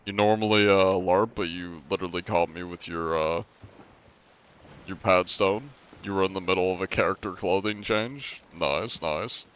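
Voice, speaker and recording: A man's voice: low-pitched, fairly even intonation, moderate pace, fairly bright tone, slight background noise. A man from the United States chatting casually on a live game stream, joking as he answers chat questions.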